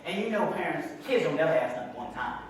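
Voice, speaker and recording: A man telling a story in a sermon, animated and calling to the crowd. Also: fairly high pitch, fast. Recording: echoey hall from far off.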